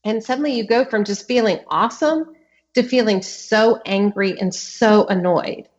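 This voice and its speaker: A middle-aged woman speaks with earnest conviction, stacking up vivid examples and stressing her key words. Her voice sits in an ordinary middle pitch. The audio is a little dull and muffled, as if the high end has been cut away. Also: normal speed. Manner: earnest, vivid storytelling with emphatic repetitions. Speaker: author and podcast guest. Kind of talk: conversational interview.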